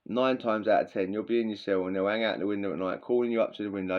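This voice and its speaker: A man's voice: on the low side, fairly even intonation, fast, few pauses. A man, telling crude stories in a casual, slangy way, full of swearing and laughter. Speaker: podcast host. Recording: dull lo-fi recording.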